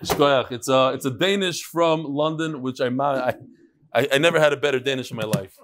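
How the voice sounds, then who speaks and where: A man's voice: mid-range voice, fairly quick, a bit bright. A man leading a daily Talmud class, joking and teasing back and forth with the people in the room. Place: classroom with a live audience.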